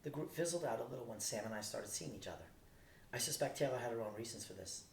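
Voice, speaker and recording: A man reading a first-person novel aloud in a steady, plain way. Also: fast, gravelly. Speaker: audiobook reader. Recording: roomy distant recording, faint rumble.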